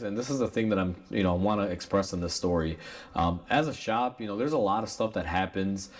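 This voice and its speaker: Animated Chicago mechanic telling a story. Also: male voice, lowish voice. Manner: animated retelling, acting out heated quotes. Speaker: auto shop owner and mechanic. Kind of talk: casual storytelling to camera.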